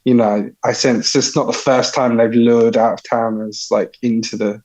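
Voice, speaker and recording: A man talking as a guest in a casual film chat, his voice at a middle pitch. He rambles and loses his thread, with plenty of fillers. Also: little pitch movement, moderate pace, a little mellow. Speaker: podcast guest.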